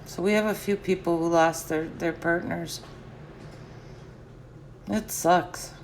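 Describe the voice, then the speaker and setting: A woman's voice: lowish voice, steady tone, takes it slowly, a little hiss or hum. A middle-aged woman chatting casually and answering live comments, laughing often.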